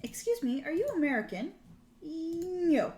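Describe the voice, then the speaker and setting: Over background music, a woman with a very high-pitched, expressive voice talks a little slowly as she live-streams language study. She reads and translates prompts, correcting herself as she chats casually. The echoey room carries background noise, with keyboard clicks and typing.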